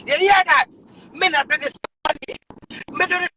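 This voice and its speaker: A middle-aged woman with a Jamaican accent, delivering an emotional, defiant social media rant that swings into shouting. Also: very high voice, moderate pace, noisy background. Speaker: dancehall artist.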